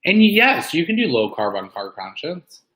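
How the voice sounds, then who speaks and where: Chatty man, bright voice. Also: a little high, very animated, moderate pace, rough recording. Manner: chatty, fired-up, preachy bursts, lots of "like" and "um". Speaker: weight-loss community member speaking on a live meeting. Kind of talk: casual motivational talk.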